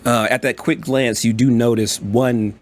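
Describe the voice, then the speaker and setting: A man narrating a tabletop game as dungeon master, halting and full of fillers. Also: medium pitch, steady tone. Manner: halting, many fillers and restarts.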